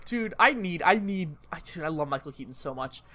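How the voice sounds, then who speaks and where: A young man co-hosting a podcast, excitable and laughing often, talking in a casual, slangy way. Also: a little high, fairly quick. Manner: excitable, laughing, lots of "dude" and "like". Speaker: podcast co-host. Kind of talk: casual chat.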